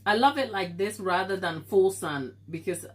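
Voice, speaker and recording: A chatty woman baker hosting a live stream from her home kitchen, with a stuffy nose. Her pitch swings widely as she chats, and she laughs easily. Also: animated, a little slow, noisy background. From Africa. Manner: chatty, laughs often, reads out viewer comments. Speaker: baking channel host on a live stream. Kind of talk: casual live-stream chat with viewers.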